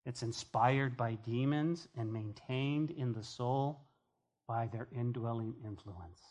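Emphatic preacher swinging loud and hushed. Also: medium pitch, slow. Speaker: pastor. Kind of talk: sermon. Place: church before a congregation.

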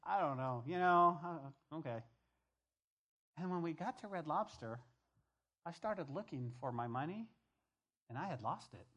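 A man's voice: a little high, animated, moderate pace, long pauses, a bit bright. A middle-aged male pastor preaching a conversational sermon, repeating key phrases and telling stories from the pulpit.

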